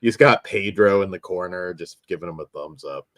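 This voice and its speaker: A man's voice: low-pitched, moderate pace, a bit bright, dry recording, clean studio sound. A man co-hosting a casual podcast, goofy and crude, joking around while reading out the nominees. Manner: goofy, crude jokes, reads in mock announcer voice. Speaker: podcast co-host. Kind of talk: casual chat.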